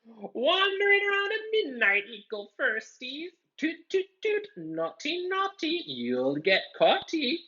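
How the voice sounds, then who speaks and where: A man voicing a mischievous, cackling male poltergeist in a shrill sing-song squeal, read from a storybook. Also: huge pitch swings, slow pace, pushed and bright, heavily acted. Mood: taunting. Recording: dull lo-fi recording.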